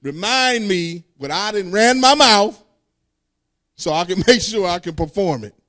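A man's voice: sits high, animated, a little slow, bright, forceful tone. A man preaching a sermon, reading scripture aloud and breaking into sung, call-and-response lines in casual speech.

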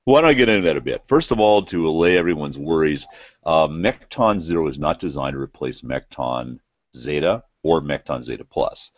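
Deep husky man on a lo-fi call. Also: lively intonation, moderate pace, dry recording. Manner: joking, explanatory. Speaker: game designer guest. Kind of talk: casual interview talk. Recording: dull lo-fi call audio.

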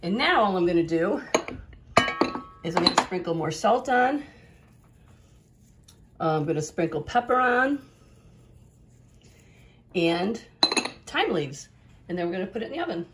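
Low-voiced woman chatting through a home recipe. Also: big pitch swings, a little slow, long pauses, heavy background noise. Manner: chatty, step-by-step, addresses viewers directly. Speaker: home cooking video host. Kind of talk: casual cooking demonstration. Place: home kitchen.

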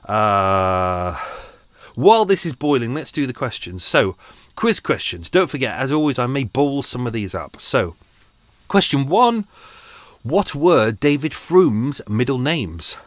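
A man's voice: mid-range voice, very animated, unhurried, no echo. A male podcast host with a British accent, chatting casually and mocking himself, sometimes drifting from the mic as he moves around his home. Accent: British English. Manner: chatty, self-mocking, rambling asides. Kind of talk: casual chat. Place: home studio.

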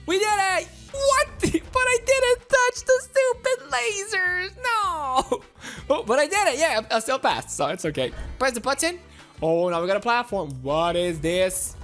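A woman commenting on her gameplay to her viewers, animated, yelling and laughing as she plays. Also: high-pitched. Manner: animated, squealing and laughing at the game. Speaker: gaming video host.

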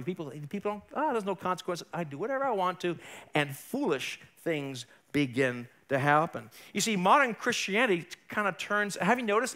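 A male pastor preaching a sermon in a church, emphatic and building to forceful peaks. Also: fairly high pitch. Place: church sanctuary.

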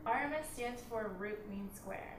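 A woman's voice: fairly high pitch, moderate pace, noisy background. A young woman narrating a student-made electronics lesson, reading from a script. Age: young adult. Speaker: student presenter.

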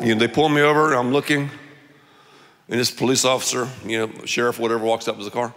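A man preaching a sermon as pastor, telling a lively, jokey story and acting out other people's voices. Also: medium pitch, fast. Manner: animated, jokey, acts out voices. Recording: long hall reverb.

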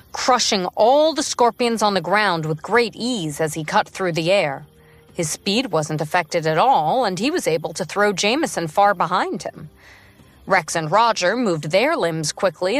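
A woman narrating a fantasy story in a steady, even audiobook reading. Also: medium pitch, dry recording.

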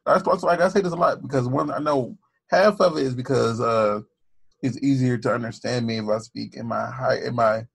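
A man with a gravelly, creaky voice speaks earnestly, often stammering and restarting. He keeps his pitch lifted above his natural deeper range. The recording is dry and close. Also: brisk, dry recording. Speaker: podcast co-host. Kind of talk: casual podcast talk.

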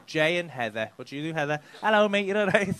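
A man's voice: fairly high pitch, big pitch swings, fast talker, very noisy. A male stand-up comedian doing crowd work, teasing people in the audience with sweary banter. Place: comedy club stage.

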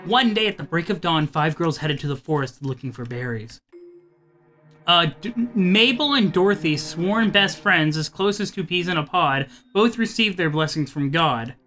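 A man commentating a horror game let's play, chatty, thinking out loud and often breaking off his own sentences. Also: a little high, lively intonation, moderate pace, soft background music. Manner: thinks aloud, chatty and self-interrupting.

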